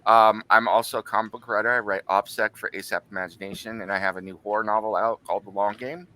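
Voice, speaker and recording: A man's voice: lowish voice, fairly even intonation, fast talker, bright, forceful tone, a little hiss or hum, poor audio. A man casually introducing himself and his character on an online tabletop game call, easygoing with fillers. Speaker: player and writer.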